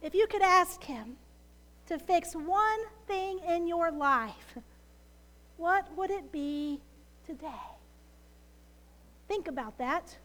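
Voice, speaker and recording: Woman pastor, very high voice, measured unhurried sermon delivery, acts out prayers, sinks to whispers; church hall reverb. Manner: animated, acting out quoted prayers, dropping to hushed whispers. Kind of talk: Palm Sunday sermon.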